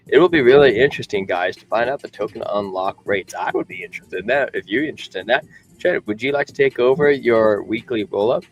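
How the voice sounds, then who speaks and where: A man hosting a casual livestream in a middle-pitched voice. He talks loosely, chuckling and repeating himself as he makes a point. A faint bed of music plays beneath him. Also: poor audio. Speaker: co-host of a crypto livestream. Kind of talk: casual chat and reading news.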